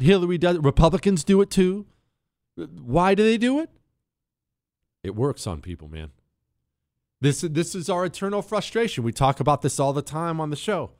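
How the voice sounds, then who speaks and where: A male talk radio host speaks in a fairly high voice that leaps up and down as he makes his points. His delivery is emphatic and laced with sarcasm. The studio sound is close and dry. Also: dry recording. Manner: animated and emphatic, sarcastic asides. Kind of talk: opinionated talk radio monologue.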